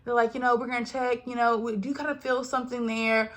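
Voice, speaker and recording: A young woman, telling a personal story in casual vlog style, acting out quoted voices and dropping to hushed asides. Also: on the high side, level tone, fast. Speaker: vlogger.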